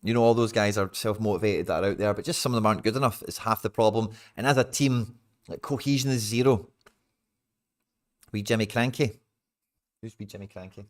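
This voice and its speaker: A young Scottish man hosting a football watch-along, ranting and swearing in exasperation with sudden loud outbursts, speaking into a desk mic. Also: on the low side, fairly quick. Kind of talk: live match watch-along chat.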